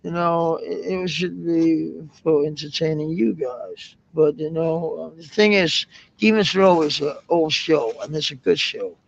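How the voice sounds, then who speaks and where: A man from Denmark chatting casually and rambling on a livestream, swearing now and then and filling pauses with ums. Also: on the high side, fairly even intonation, vocal fry, a little hiss or hum. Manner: rambling, laid-back, swears casually, many fillers. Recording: dull lo-fi stream audio.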